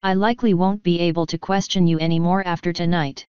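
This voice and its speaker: A woman's voice: fairly low pitch, fairly even intonation, a little mellow, clean tone, no room sound, lightly acted. Woman reading as a solemn pony princess. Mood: pleading. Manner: measured, solemn pleading. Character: solemn royal night-princess mare, grave and earnest. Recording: dull lo-fi recording.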